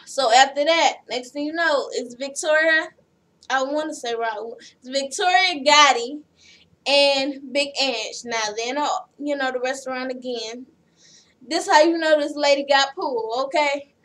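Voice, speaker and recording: A woman's voice: high-pitched, measured pace, a bit bright, far from the mic. A woman vlogger casually recapping a reality show episode, blunt and profane as she tells the story.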